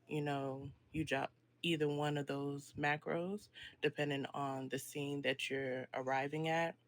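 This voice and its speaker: A man with a somewhat high voice leads a training meeting and walks through a procedure. He speaks slowly and steadily, with little rise and fall in his tone. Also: slight background noise. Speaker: training lead in an online meeting.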